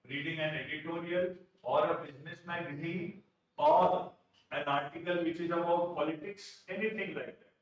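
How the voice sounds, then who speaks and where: A man's voice: a little high, lo-fi sound. A man with an Indian English accent teaching vocabulary in a live exam-prep lecture, repeating key phrases and asking questions to answer them himself. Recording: very echoey room, distant from mic.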